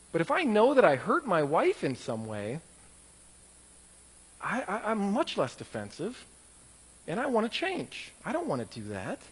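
Animated husky-voiced man preaching in a hall. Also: high voice. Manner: animated, conversational, with vivid examples. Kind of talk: sermon-style teaching. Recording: echoey hall reverb.

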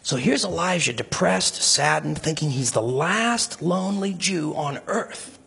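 A man's voice: animated, a little slow, gravelly, bright, forceful tone, slightly rough. A man preaching a sermon as a pastor, speaking with passion and rising emphasis. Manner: impassioned, rising to emphatic high pitch when stirred.

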